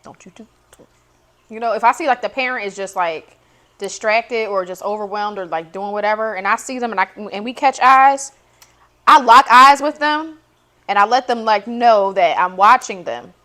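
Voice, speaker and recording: A woman co-hosting a podcast in casual chat, easy-going and quick to react. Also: medium pitch, sharp tone. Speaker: podcast co-host.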